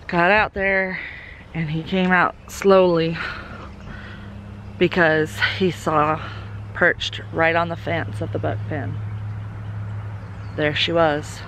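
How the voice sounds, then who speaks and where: A woman with a low, fairly bright voice and a Southern American accent chats casually to her camera, set on a tripod, while outside on her farm with the animals. She's a homesteading vlogger who sounds worried and reflective before turning to affectionate baby talk for her goats. A little hiss or hum is audible.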